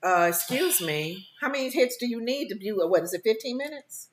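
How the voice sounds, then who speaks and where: A woman's voice: on the high side, lively intonation, quick pace, darkish tone, a little hiss or hum. A woman co-hosting a casual chat, reacting with short replies and comments. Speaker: co-host.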